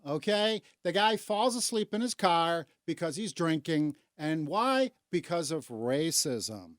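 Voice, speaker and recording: A woman's voice: lively intonation, a little slow, no echo. Woman talk radio host from Chicago, sarcastic and indignant, dry close sound. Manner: indignant, sarcastic, swings from low mutters to loud outbursts. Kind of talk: opinionated talk radio rant.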